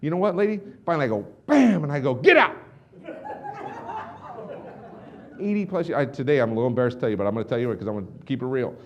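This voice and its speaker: A middle-aged man giving an intense storytelling speech as a motivational speaker, swinging between hushed confessions and loud outbursts. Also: medium pitch, huge pitch swings, fast talker, pauses often, highs cut off.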